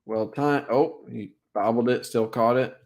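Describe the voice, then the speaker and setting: Excitable young man breaking down football film. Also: medium pitch, measured pace. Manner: excitable, filler-heavy, lots of "like" and "right?". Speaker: sports streamer breaking down game film. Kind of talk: casual live-stream film breakdown.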